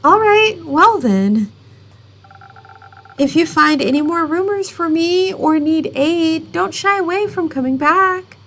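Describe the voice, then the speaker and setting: A woman's voice: very high voice, lively intonation, slow pace, fairly bright tone, voice pushed up, full character voice. A woman voicing a chirpy, inviting tavern keeper. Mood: friendly. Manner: chirpy, inviting, prying questions. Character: friendly, curious tavern keeper.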